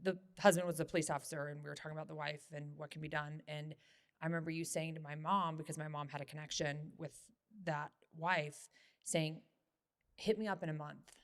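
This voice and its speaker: Soft, earnest woman podcast host. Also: low voice, level tone, fairly quick. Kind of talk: casual conversation.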